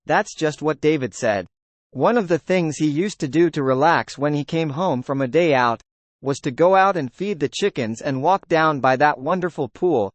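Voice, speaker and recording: A man's voice: a little high, no echo. A man narrating a documentary, telling a first-person anecdote and voicing the quoted dialogue in it. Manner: storytelling that voices quoted dialogue.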